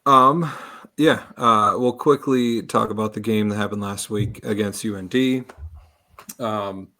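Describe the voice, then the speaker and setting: A man's voice: on the low side, measured pace, bright, forceful tone. A man hosting a sports podcast, easygoing and chuckling, with frequent hesitant fillers. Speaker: podcast host. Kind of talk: casual chat.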